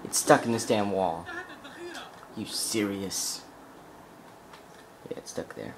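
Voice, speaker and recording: A man's voice: fairly low pitch, slow pace, creaky, background noise. A young man giving casual, rambling gameplay commentary full of "like" fillers and swearing as he plays. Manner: rambling, profane, heavy on "like" fillers.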